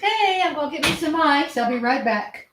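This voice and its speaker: A woman's voice: high-pitched, animated, brisk, noisy background. A woman hosting a casual home livestream, chatting in a rambling way. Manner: chatty, rambling, coos baby talk to her cat. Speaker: livestream host.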